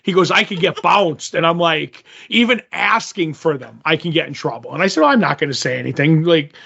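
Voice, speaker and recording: High-voiced man telling an animated story. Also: a little fast, vocal fry, slightly rough. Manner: animated, acts out quoted dialogue. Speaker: podcast co-host. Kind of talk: casual storytelling. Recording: dull lo-fi audio.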